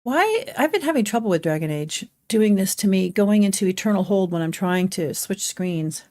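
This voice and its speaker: During a live gameplay stream, a woman rambles casually, hopping from topic to topic and reading chat messages aloud between moves in the game. Her medium-pitched voice is animated and a little mellow, at a moderate pace, and her delivery stays loose and conversational.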